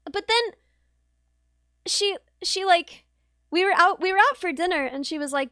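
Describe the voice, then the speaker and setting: A young woman streamer tells a wry, meandering story in casual chat, full of fillers and little laughs. Her voice sits high. The sound is dry and close, with no room around it. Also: animated, normal speed, pauses often, fairly bright tone, no echo. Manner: chatty, rambling, wry, with laughs and many fillers. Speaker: vtuber streamer.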